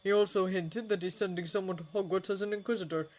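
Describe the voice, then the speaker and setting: A woman voicing a brisk, sarcastic male wizard investigator in a fanfiction audiobook. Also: sits high, fairly even intonation, a little mellow, voice pushed up, natural voice. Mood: grim.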